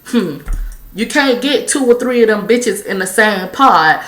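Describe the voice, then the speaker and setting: A woman's voice: fairly high pitch, measured pace, echoey room. A woman vlogging candidly while smoking, blunt and profane, coughing now and then. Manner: blunt, profane, animated storytelling. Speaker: YouTube vlogger. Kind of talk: candid smoking-vlog monologue.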